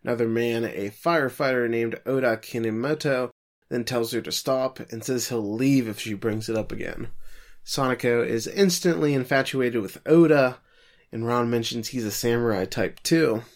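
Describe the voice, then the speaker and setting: A man's voice: medium pitch, normal speed. Sardonic man recapping a show. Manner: sardonic, summarizing plot with jokey asides. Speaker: podcast co-host recapping an anime. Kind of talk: casual chat.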